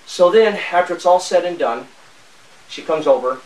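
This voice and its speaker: A man rambles defensively, swearing constantly as he tells his side to officers. His voice sits slightly high and comes from a distance in a roomy, echoing space, with faint ambient noise on the body camera recording. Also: lively intonation, moderate pace, darkish tone. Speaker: man questioned by police. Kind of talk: rambling account to police. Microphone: police body camera.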